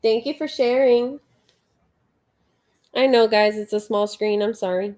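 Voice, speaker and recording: Her voice sits on the high side, unhurried and a little mellow, with fairly even intonation. This livestream host chats casually late at night while crocheting, murmuring stitch counts and reading viewers' comments aloud.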